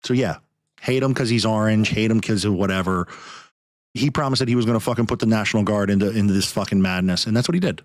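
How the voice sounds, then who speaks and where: A man's voice: lowish voice, fast talker, no room sound, studio quality. A podcast host man ranting in anger, swearing heavily as he talks. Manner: angry, profane, heavy swearing. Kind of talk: heated podcast rant.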